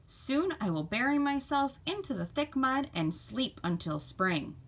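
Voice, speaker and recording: A woman voicing a calm painted turtle in a storybook, talking in a plain, matter-of-fact way. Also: sits high, a little slow, voice pushed up, heavily acted.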